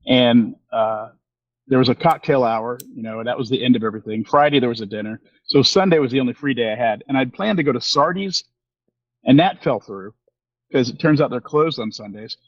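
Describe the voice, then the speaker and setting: A man's voice: mid-range voice, a little fast, no room sound, muffled recording. Rambling man in his fifties, dry sound. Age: 50s. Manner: rambling, with many fillers and restarts, acting out quoted exchanges. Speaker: podcast co-host. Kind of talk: casual storytelling chat.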